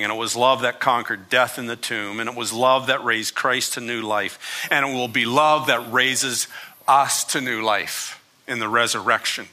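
A man's voice: mid-range voice, bright, forceful tone. A man preaching a sermon as pastor, emphatic and repeating phrases for effect.

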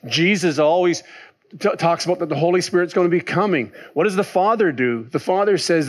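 Animated man preaching a sermon. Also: high-pitched, brisk. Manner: animated, swings between loud exclaiming and soft musing; asks and answers his own questions. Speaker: pastor.

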